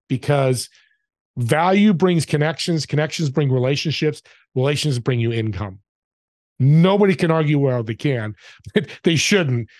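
A man's voice: on the high side, darkish tone, dry recording, studio quality. A man guesting on a podcast, telling stories in an upbeat, motivational way. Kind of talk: casual interview chat.

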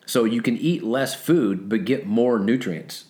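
A man's voice: medium pitch, measured pace, darkish tone. A man co-hosting a podcast, talking in a joking, easygoing way. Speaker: podcast co-host. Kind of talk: casual chat.

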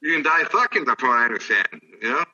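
A man's voice: mid-range voice, expressive, fast talker, bright, forceful tone, slightly rough, distant mic, dull audio. Profane older man telling stories. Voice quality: profane, rambling. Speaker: guest, former baseball player. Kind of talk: casual storytelling.

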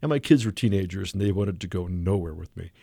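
A man telling a lively anecdote as a radio guest, acting out the people he quotes. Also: low voice, quick pace, vocal fry, slightly rough, no echo, studio quality. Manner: animated anecdote teller who acts out the people he quotes. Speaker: guest artist and illustrator. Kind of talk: radio interview storytelling. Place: radio studio.

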